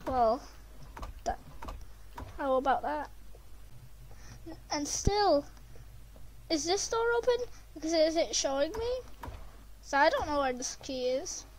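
A woman commentating her gameplay, excitable and prone to screaming when chased. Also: high-pitched, takes it slowly, long pauses, a little hiss or hum. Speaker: gamer.

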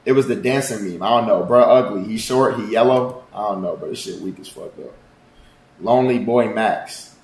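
A man streaming live, chatting casually with his viewers in a loud, profane, joking and rambling way. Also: lowish voice, normal speed. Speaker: livestreamer. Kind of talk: casual livestream chat. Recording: roomy echo.

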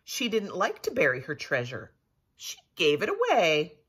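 A woman tells a children's story aloud in an expressive, playful way. Her voice is lowish and breathy, slow in pace, with wide swoops of pitch.

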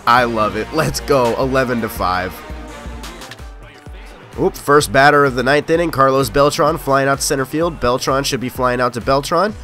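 A young man giving live commentary on his own gameplay, excitable and quick to shout or grumble at the game. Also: medium pitch, soft background music. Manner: excitable, yelling at the game, frustrated outbursts. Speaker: gaming YouTuber.

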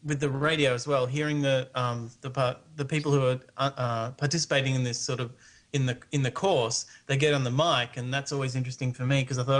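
A man's voice: medium pitch, steady tone, a little fast, a bit bright. A man from Australia with an Australian accent, a guest in a casual late-night chat, hesitant, with many fillers, laughing easily.

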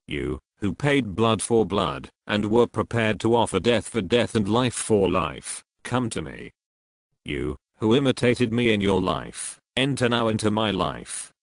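A man reading the words of Christ's human nature, calling to a brother in an earnest, measured way. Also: fairly low pitch, creaky, dry recording, studio quality.

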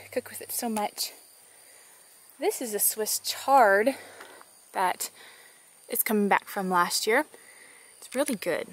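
A woman's voice: a little high, a little hiss or hum. A woman, a little out of breath, chatting casually as she walks through her garden. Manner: chatty, upbeat, with fillers and little laughs. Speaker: vlogger giving a garden tour. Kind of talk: casual walking tour. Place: outdoor garden.

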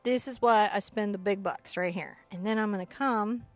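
A woman teaching an acrylic painting lesson, chatty and excitable, often bursting into giggly enthusiasm. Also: mid-range voice, normal speed, no room sound, soft background music. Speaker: art instructor.

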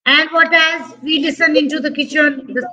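Very high-voiced woman teaching small children. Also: fairly even intonation, moderate pace, sharp tone, rough recording. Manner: questioning, praising, imitating animal and vehicle sounds. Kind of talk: online class for young children.

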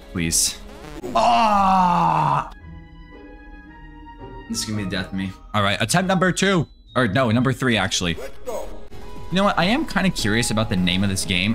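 A man's voice: fairly low pitch, a bit bright. A young man giving casual let's-play commentary on a horror game, nervous and jittery, talking to the monsters and his viewers. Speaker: gaming video creator.

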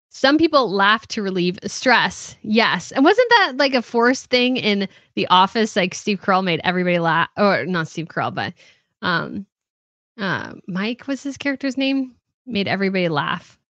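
The host of a royal news channel chats casually on a live stream, reading viewer comments aloud and answering them with frequent laughs. Her medium-pitched voice is fairly bright with lively intonation, a little slow, and there's no room sound.

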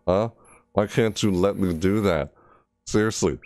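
A man's voice: low voice, moderate pace, a little mellow, no room sound. A man commentating a horror game playthrough, frustrated and jumpy, scolding the game's characters and shrieking at scares. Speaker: gamer.

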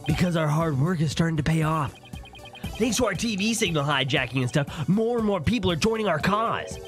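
A man's voice: a little high, expressive, fairly quick, faint music behind, natural voice. A man voicing a scrappy young male rebel in a game, with a folksy pirate drawl and boastful manner. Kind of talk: voicing game dialogue aloud.

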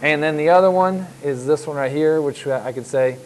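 This is a rough recording with a little hiss or hum, in which a man with a slightly high voice teaches a geometry lesson at normal speed. He's a patient math teacher who repeats himself and fills his walkthrough of board examples with frequent "uh" and "okay."

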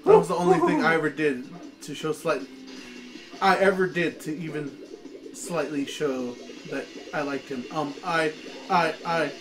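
A man's voice: fairly high pitch, animated, measured pace, poor audio. A man reading a fanfiction story aloud in a giggly, stumbling way, with music playing behind him. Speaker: fanfiction reader.

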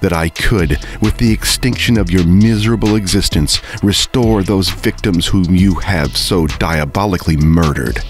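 A furious young scientist hurls old-fashioned curses at his creation, read aloud by a man. The voice sits very low. Soft music plays faintly in the background. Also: normal speed, hardly any pauses, lightly acted. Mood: wrathful. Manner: impassioned archaic speech read aloud. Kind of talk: book reading.

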